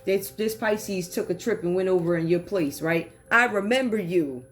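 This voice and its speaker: A woman reads tarot in a loose, conversational way, full of slang and quick asides. She keeps slipping into the voices of the people in the cards. Soft music plays quietly beneath her. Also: mid-range voice. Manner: animated, slangy, acts out quoted voices. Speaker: tarot reader. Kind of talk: casual tarot reading monologue.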